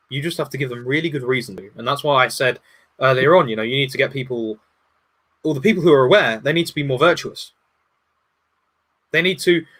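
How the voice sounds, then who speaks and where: A man who is a guest on a casual livestream discussion, talking earnestly and handing out advice. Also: a little high. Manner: earnest, advising, animated.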